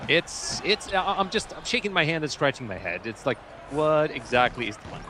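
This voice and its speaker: A man's voice: on the high side, expressive, moderate pace, background noise. A man giving live color commentary on an esports basketball game, laid-back and playful.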